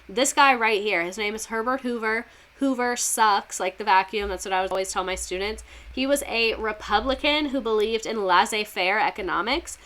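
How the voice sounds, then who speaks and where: A woman's voice: a little high, bright, forceful tone. A woman, a former teacher, gives a casual and sarcastic history lesson full of swearing and laughing asides.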